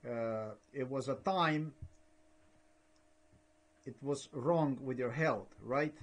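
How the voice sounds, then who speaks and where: A man slowly recounting a conversation with a neighbor, halting and repeating himself as he goes. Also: medium pitch. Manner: repetitive, halting retelling with many restarts.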